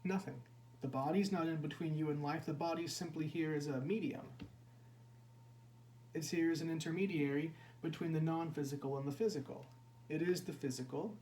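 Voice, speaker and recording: A man giving a contemplative spiritual discourse as a teacher, unhurried and repeating key phrases for emphasis. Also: a little high, fairly even intonation, dark tone, slight background noise.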